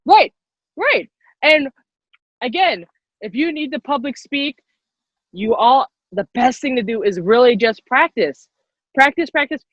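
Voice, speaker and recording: A high-voiced young woman teaches a live online class for girls, upbeat and encouraging and quick to laugh. Her voice is dry and close, with the dull, muffled edge of a video call. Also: expressive, no echo. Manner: upbeat and encouraging, repeats herself, laughs often. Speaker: workshop leader. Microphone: computer mic on a video call.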